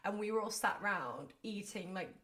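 A woman's voice: medium pitch, expressive, normal speed, bright, forceful tone. A young woman co-hosting a podcast, chatting casually and drifting off into side stories with a self-deprecating manner. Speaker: podcast co-host. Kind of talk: casual chat.

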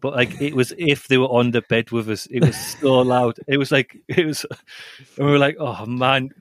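A man's voice: medium pitch, fairly even intonation, normal speed, no room sound. Rambling young man telling stories. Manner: rambling, says 'like' a lot, laughs while telling stories. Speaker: podcast co-host. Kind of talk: casual chat, storytelling.

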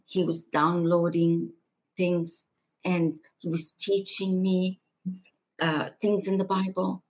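A woman guest on a podcast, earnestly recounting a personal testimony and going hushed for the quieter moments. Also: fairly low pitch, flat delivery, slow, breathy edge.

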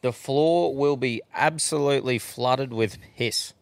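A man's voice: medium pitch, measured pace, gravelly, dry recording. A man with an Australian accent hosting a podcast in blunt, sweary casual chat. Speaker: podcast host.

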